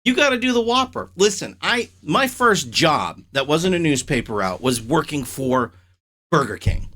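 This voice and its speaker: A man with a fairly high-set voice hosts his own show in a loose, casual chat. He reacts and rants with strong opinions and sounds animated and outspoken. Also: moderate pace. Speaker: host.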